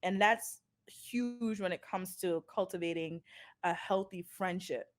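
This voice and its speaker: A woman co-hosting a casual podcast chat, telling stories in an animated, blunt way with frequent laughter. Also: on the low side, measured pace. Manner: animated storytelling, laughs a lot, blunt and profane. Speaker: podcast co-host.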